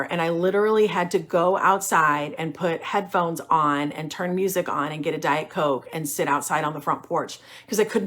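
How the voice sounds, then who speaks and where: A woman's voice: sits low, fairly bright tone. A middle-aged woman pediatrician gives candid, reassuring parenting advice in a chatty way, with many ums and restarts. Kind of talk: informal parenting talk.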